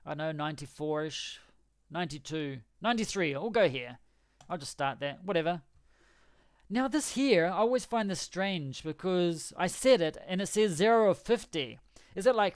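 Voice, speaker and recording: A game streamer chats casually on his livestream, rambling, joking, and correcting himself along the way. His high-sitting voice has a clean tone, captured in a dry, studio-quality recording.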